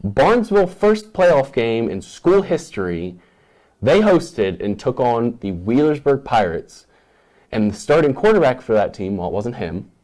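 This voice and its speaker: A man's voice: medium pitch, sing-song, measured pace, darkish tone, poor audio. A man hosting a casual sports show, rattling off playoff matchups and confident picks.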